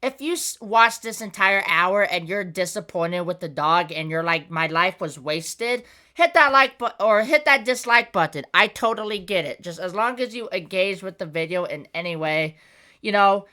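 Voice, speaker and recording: A woman podcast host with a bright, clear tone, ranting in an exasperated way and swearing freely. Her pitch swings widely as she talks in casual chat. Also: expressive, normal speed.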